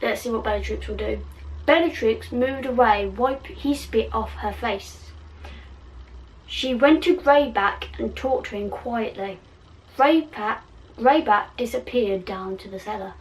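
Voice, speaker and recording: A woman's voice: a little high, a little slow, distant mic, low-quality recording. A woman reading her own fan fiction aloud in a casual way, giggling and poking fun at herself, stumbling over words. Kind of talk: casual story reading with asides.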